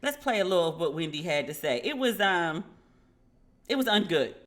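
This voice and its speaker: A woman host chatting casually on her podcast. Her voice is bright and forward, and she tells her stories with lively energy, acting out the back-and-forth she quotes. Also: on the low side, normal speed. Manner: animated storytelling, acting out quoted dialogue. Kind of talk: casual commentary.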